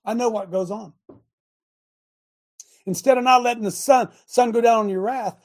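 A man hosting a call-in talk show, preaching with big swings from shouting to muttering. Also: normal speed. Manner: animated, swings from loud shouting to low mutters. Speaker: host.

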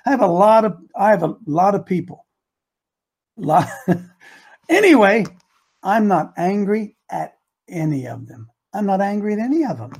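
An older man hosting a radio talk show, preaching with rising passion and at times shouting. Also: sits high, sing-song, a little slow, long pauses, slightly rough.

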